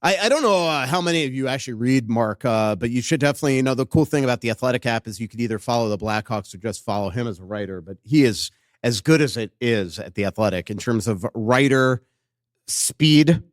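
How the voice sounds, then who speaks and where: A man hosts a relaxed hockey chat in front of a live crowd. He tells stories with energy and acts out quotes in the middle of sentences. His voice sits in a middle register and sounds close and dry. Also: medium pitch, fairly quick, no echo. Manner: animated storyteller, acts out quotes. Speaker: podcast host and hockey writer. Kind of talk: casual chat before a live audience. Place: live podcast in front of an audience.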